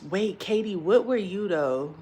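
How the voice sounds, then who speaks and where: A woman chatting casually with her livestream viewers while she cooks in a home kitchen. She tells stories in an animated way, acts out what people said, and curses freely. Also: medium pitch, measured pace, slight background noise. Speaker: vlogger chatting with live viewers.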